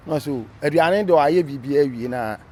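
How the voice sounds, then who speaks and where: A man's voice: a little high, a little fast, a little mellow. A Ghanaian man, a former referee, being interviewed, telling his story animatedly in a casual mix of English and Twi.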